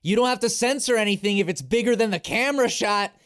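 A male podcast co-host in casual chat, animated and joking, laughing often. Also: high voice, fast talker, heavy background noise.

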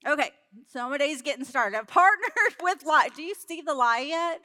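A woman delivers a sermon built on a personal story, candid and self-mocking with laughs along the way. Her voice sits high and rings bright. The sound is close and dry. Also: animated, moderate pace, dry recording. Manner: laughs between lines. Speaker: church speaker.

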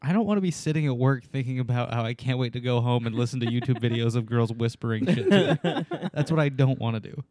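A man's voice: mid-range voice, animated, fast talker, few pauses, a little mellow, dry recording. A man co-hosting a casual podcast, rambling and poking fun at himself. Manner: rambling, self-mocking, laughs. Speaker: podcast co-host.

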